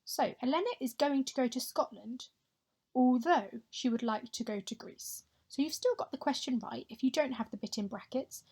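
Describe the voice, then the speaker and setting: A young woman teaching a recorded Spanish lesson over slides, speaking clearly and patiently and modelling pronunciation slowly for her pupils to repeat. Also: high-pitched, a little mellow. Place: home or classroom, voice-over on slides.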